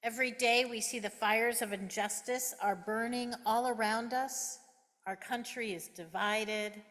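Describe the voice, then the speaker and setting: A middle-aged woman minister preaching a sermon, measured and emphatic, with deliberate pauses. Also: on the high side, steady tone, a bit bright. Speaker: guest minister. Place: church sanctuary. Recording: reverberant sanctuary sound.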